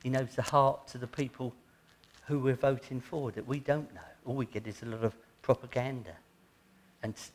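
A man preaching an earnest, conversational sermon that moves into prayer. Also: medium pitch. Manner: earnest, conversational, breaks into mocking asides.

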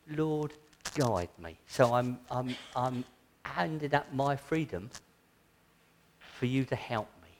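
A man's voice: on the high side, a little mellow. Earnest male preacher. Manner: earnest, conversational, breaks into mocking asides. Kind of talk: sermon closing in prayer.

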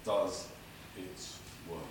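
A man preaching a sermon with jokes, delivered in a lively, dramatic way in a church. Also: extremely slow. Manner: lively, dramatic delivery with big pitch swings. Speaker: guest preacher. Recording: echoey church from far off with noise.

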